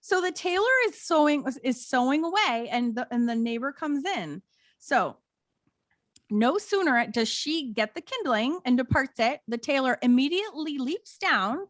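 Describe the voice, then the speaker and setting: American woman, high voice, dry close sound; chatty podcast co-host retelling a folk tale. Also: normal speed, dry recording. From United States. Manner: animated storyteller, reads out old tale with put-on voices.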